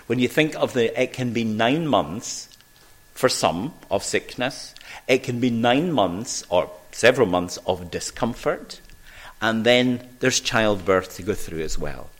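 A man delivers a sermon at a church service in an earnest, measured way. He speaks slowly at an ordinary middle pitch. He reads scripture aloud with care. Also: animated. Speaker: preacher.

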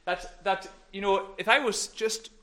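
A man with a high, light voice leads a children's talk in church. He is playful and encouraging, and at times sinks into a hush. He speaks into a microphone. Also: unhurried. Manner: playful, encouraging, drops to whispers. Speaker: minister giving a children's talk.

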